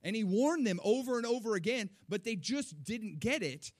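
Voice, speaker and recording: A middle-aged man preaching a sermon to his church, animated, with rising emphasis and repeated words. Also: sits high, normal speed. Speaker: pastor.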